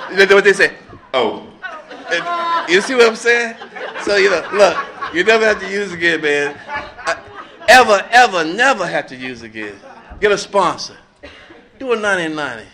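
A middle-aged man giving a blunt, profane, animated speaker share at a recovery meeting, laughing between lines. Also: sits high, normal speed, vocal fry, long pauses, crowd noise, noisy background. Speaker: recovering addict sharing at a meeting.

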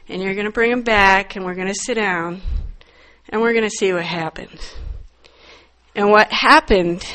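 A middle-aged woman from the northern United States giving a candid, wry personal testimony, with sudden loud emphatic bursts. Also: medium pitch. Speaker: recovery meeting speaker.

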